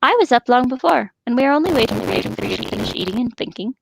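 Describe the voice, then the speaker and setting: A woman's voice: on the high side, lively intonation, fast, creaky, noisy background, voice pushed up. A woman voicing a cheerful, curious young male hobbit who chirps out questions. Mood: chirpy.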